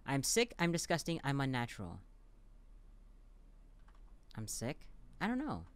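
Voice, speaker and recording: A man recording a let's play, reading the game's dialogue aloud in a mock-dramatic voice and jumping in with joking reactions. His pitch swings widely from line to line. He sits at a middle height of pitch for a man. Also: huge pitch swings, smooth, no echo. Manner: playful, reads lines in a mock-dramatic voice, quick asides.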